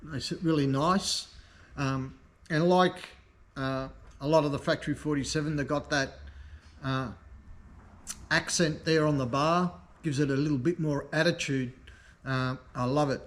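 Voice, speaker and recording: A man's voice: fairly high pitch, steady tone, a little slow, long pauses. A man hosting a casual product showcase vlog for his motorcycle parts shop, enthusiastic and easygoing. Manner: enthusiastic, easygoing, talks like a salesman.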